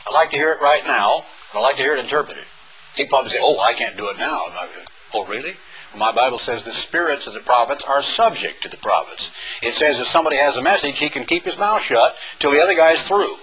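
A middle-aged man preaching a sermon, reading scripture slowly for emphasis and explaining it in a folksy, sarcastic way. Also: medium pitch, rough recording. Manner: animated, folksy and sarcastic asides; slows down to stress scripture phrases.

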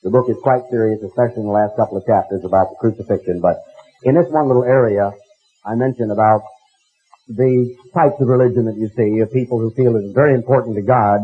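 Older American preacher, husky and wry, tinny lo-fi tape. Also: male voice, on the low side, fast talker. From United States. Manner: folksy storytelling, mocking impressions. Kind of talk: sermon with anecdotes. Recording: tinny phone-like recording.

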